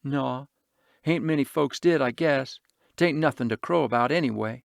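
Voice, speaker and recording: A man's voice: medium pitch, moderate pace, vocal fry, no room sound, clean studio sound, lightly acted. A man voicing an envious city urchin boy who talks in a grudging, slangy way. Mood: sulky, envious.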